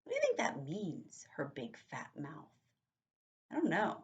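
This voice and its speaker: A woman who is a kindergarten teacher, giving a vocabulary lesson to young children in a slow, encouraging way and often checking with "right?". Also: low voice, huge pitch swings. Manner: slow, encouraging, with lots of rhetorical questions.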